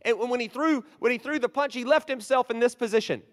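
A man in his forties preaching a storytelling sermon, animated, moving from hushed asides to loud bursts. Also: extremely high pitch, brisk. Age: 40s. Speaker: guest preacher. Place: large church hall. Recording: long hall reverb.

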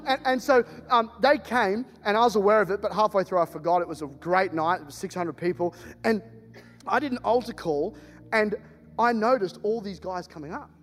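Animated high-voiced preacher in a hall. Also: male voice, normal speed. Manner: animated, jokey storytelling with laughs. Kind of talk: storytelling sermon. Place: church hall. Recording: reverberant hall, faint music.

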